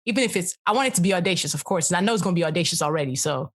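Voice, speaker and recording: A woman's voice: on the low side, lively intonation, racing. A woman hosting a podcast, asking questions with enthusiasm and laughing along. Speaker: podcast host. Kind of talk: casual interview chat.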